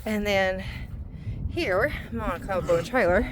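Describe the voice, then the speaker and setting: A woman's voice: on the high side, expressive. A woman, talking casually in a rambling vlog as a mother. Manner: chatty, rambling, with drawn-out fillers. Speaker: vlogger and mother.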